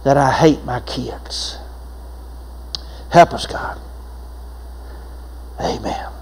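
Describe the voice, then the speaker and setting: A man's voice: medium pitch, very slow, slight background noise, poor audio. An older man, preaching a sermon as pastor, telling folksy stories with laughs and repeated phrases.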